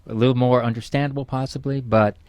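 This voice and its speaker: A man's voice: mid-range voice, fairly even intonation, fast, a little mellow, smooth. A middle-aged man, a guest expert, explaining in conversation to an interviewer and acting out example phrases with emphasis.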